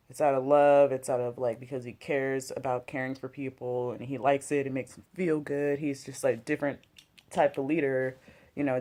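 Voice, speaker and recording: The host's voice is medium-pitched and a little mellow. Sitting at home smoking and drinking, they review a TV episode in a relaxed, slangy chat packed with "like" and "you know" and some cursing.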